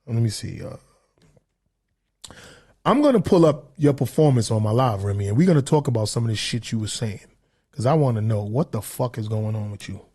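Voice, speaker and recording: A man's voice: mid-range voice, expressive, brisk, mellow, husky. A man hosting a casual podcast livestream, ranting in a profane, heated, rambling way. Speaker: podcast host.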